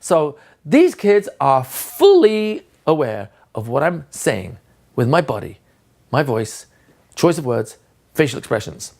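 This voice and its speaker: Animated man giving a teaching lecture. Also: mid-range voice, slow, vocal fry. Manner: animated, acts out teacher and child voices. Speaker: teacher trainer.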